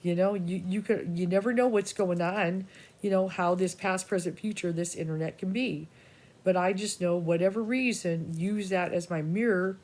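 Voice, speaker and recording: Woman, psychic reader, rambling monologue, lots of restarts, casual swearing, lowish voice. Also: normal speed, a little mellow. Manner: scattered, full of restarts and asides. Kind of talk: rambling personal monologue to viewers.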